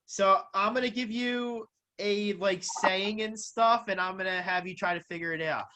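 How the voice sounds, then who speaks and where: A man's voice: high-pitched, steady tone, normal speed, bright, forceful tone. A man interviewing a guest casually, playfully quizzing him on local slang.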